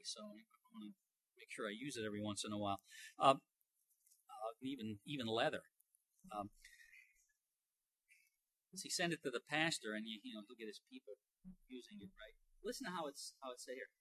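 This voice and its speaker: Older male pastor, folksy sermon delivery, bright tense tone, dry close sound. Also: fairly high pitch, lively intonation, normal speed, no echo. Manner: conversational, folksy, with many restarts.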